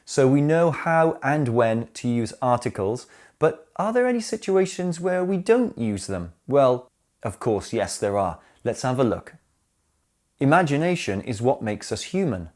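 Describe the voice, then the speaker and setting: A man narrating a scripted English grammar lesson, explaining slowly and clearly and speaking his examples aloud. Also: mid-range voice, very animated, a little mellow. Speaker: English teacher.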